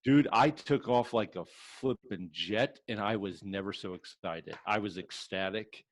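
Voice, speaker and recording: A middle-aged man co-hosting a sports podcast, chatting excitedly with casual slang. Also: on the low side, unhurried, slight background noise. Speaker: podcast co-host. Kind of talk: casual chat.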